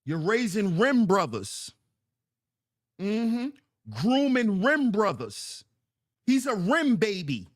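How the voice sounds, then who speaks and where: Livestream host, high-pitched man, very animated delivery, preachy and repetitive. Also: slow, long pauses. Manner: preachy, emphatic, repeats lines for effect. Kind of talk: livestream commentary reading chat.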